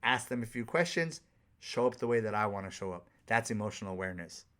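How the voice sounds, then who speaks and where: A man's voice: on the low side, expressive, fast, a bit bright. A man who works as a life coach, giving a candid, profane, conversational solo monologue on a podcast.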